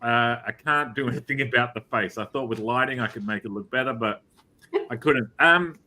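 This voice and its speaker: A man's voice: mid-range voice, moderate pace, pushed and bright, poor audio. A man with an Australian accent hosting a casual online show, jokey and teasing with his guests. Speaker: host.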